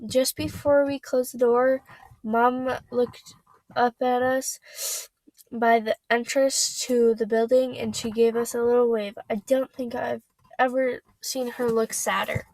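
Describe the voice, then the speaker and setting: A woman reading a novel aloud, halting and stumbling over words as she goes. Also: fairly high pitch, flat delivery, darkish tone, no room sound, low-quality recording. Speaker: reader.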